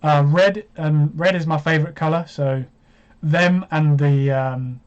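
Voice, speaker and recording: Man, 25, stream host; casual, self-mocking chatter, slightly high pitch, muffled lo-fi sound. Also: steady tone, a little slow, clear, resonant tone. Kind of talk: casual live stream chat. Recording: dull lo-fi stream audio.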